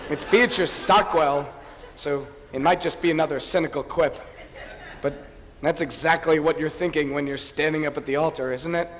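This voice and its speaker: A man's voice: a little high, natural voice. A man playing a wistful fan who talks the audience through a musical, in chatty, confiding asides on a stage. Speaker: narrator character commenting on a record. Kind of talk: amateur stage musical acting. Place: theatre stage. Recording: reverberant stage hall with faint noise.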